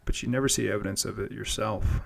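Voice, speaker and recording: A man's voice: lowish voice, fairly even intonation, fast, gravelly, husky. Rambling, earnest male podcast host. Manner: rambling, restarts and repeats words, earnest. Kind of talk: casual monologue.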